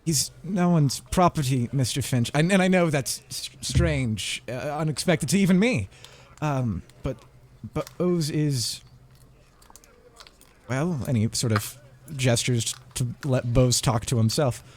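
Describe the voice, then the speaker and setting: Halting male tabletop game player. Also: mid-range voice, darkish tone. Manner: halting, hesitant, full of restarts. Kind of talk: playing a character in a tabletop game.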